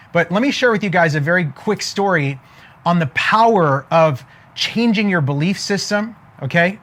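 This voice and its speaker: Male motivational speaker, light high voice, emphatic, keeps checking in with the audience. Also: a bit bright. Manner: emphatic, with frequent "okay?" check-ins; storytelling, building to a punchline. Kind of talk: motivational talk to an online audience.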